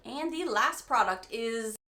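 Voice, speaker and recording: A woman with a bright, forward-placed voice talks her way through a makeup unboxing in easy, chatty vlog style. She gets excited easily and drifts into rambling side stories before pulling herself back on track. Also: a little high, unhurried. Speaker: beauty vlogger. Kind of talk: casual unboxing chat.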